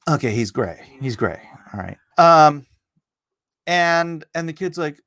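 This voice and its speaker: A middle-aged man hosting a livestream, talking in a rambling, sarcastic opinion monologue that jumps up in pitch when he gets indignant. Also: very animated, takes it slowly, a bit bright, no echo. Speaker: livestream host.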